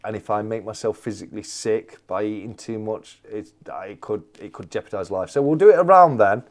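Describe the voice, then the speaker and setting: A man's voice: on the low side, a little fast. A man hosting a casual live chat, answering viewers and repeating his phrases with plenty of "mate.". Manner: chatty, repeats phrases, calls everyone mate. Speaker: livestream host.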